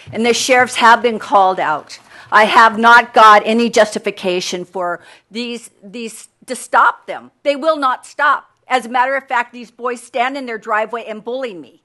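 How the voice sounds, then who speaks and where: A woman's voice: mid-range voice, bright, forceful tone. An older woman, a homeowner speaking at public comment in a council chamber, angry and pleading, repeating her questions.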